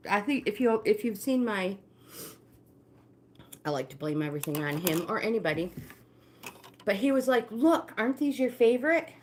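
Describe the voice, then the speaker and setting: A woman's voice: mid-range voice, lively intonation, moderate pace, long pauses, background noise. An older woman leading a live-streamed walking workout, giving friendly exercise cues and greeting viewers by name. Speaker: fitness instructor and livestream host.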